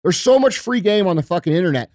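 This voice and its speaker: Brief: middle-aged male podcast host, high voice, blunt swearing rants, dry close sound. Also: expressive, fast talker, a little mellow, no room sound. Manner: profane, blunt, emphatic ranting. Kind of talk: casual podcast chat.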